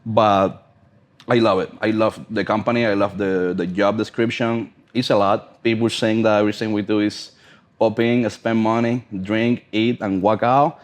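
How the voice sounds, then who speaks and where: Blunt, low-voiced man with foreign accent. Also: flat delivery, normal speed. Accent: non-native English accent. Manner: blunt, profane, emphatic storytelling. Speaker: podcast guest, brand ambassador. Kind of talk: casual podcast chat.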